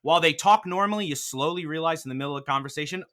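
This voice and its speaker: Bright, combative man arguing. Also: a little high, fast. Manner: animated and combative, swearing. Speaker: podcast host arguing the defense. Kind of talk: casual podcast debate.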